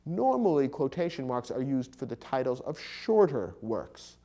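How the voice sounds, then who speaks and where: A man explaining a grammar lesson in a measured, patient way, with occasional fillers. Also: medium pitch, very animated, dark tone. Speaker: English teacher.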